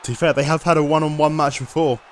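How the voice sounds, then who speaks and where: A man giving lively play-by-play commentary over a wrestling video game, often bursting into loud excited shouts. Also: a little high, fast talker, slight background noise.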